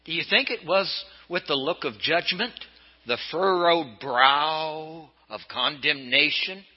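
An older man from California preaches as a bishop in a church. His voice sits a little high and rises and falls sharply to stress his points. The recording sounds slightly dull and lo-fi. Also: slow pace. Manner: storytelling preacher, swinging pitch for emphasis. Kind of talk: sermon.

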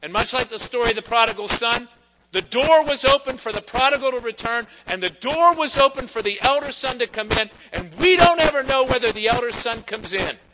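A man's voice: very high voice, lively intonation, noisy background. A male pastor delivering a conversational sermon, slipping quoted lines into his talk. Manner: conversational preaching, quoting figures in quick asides.

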